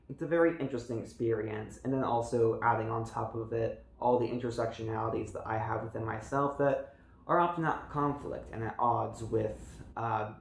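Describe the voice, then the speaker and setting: A man's voice: mid-range voice, gravelly, echoey room, low-quality recording. A man from the United States giving a casual, earnest video book review, chatty and full of small fillers and restarts.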